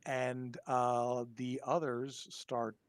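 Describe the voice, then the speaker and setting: Halting man running a tabletop game. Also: medium pitch, level tone, clean tone, no room sound. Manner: halting, lots of ums and restarts. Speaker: game master.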